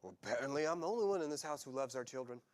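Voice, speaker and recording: A man pastor preaching a sermon, animated and conversational, acting out quoted voices with humor. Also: medium pitch, rapid-fire.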